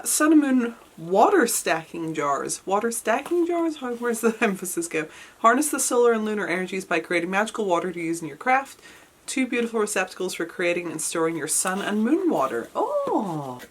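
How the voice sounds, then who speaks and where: A British woman vlogging an unboxing in an excitable, gushing manner, her voice worn from a recent cold. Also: mid-range voice, slightly rough. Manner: excitable and gushing, frequent oohs and squeals. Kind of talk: unboxing vlog chat.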